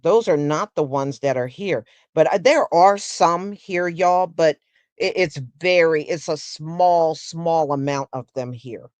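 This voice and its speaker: Slow, drawling woman chatting on stream. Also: sits low, darkish tone, no echo. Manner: unhurried, conversational, drawls and pauses, answers viewers with "mm-hmm" and "yeah". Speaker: host. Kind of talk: casual solo livestream chat.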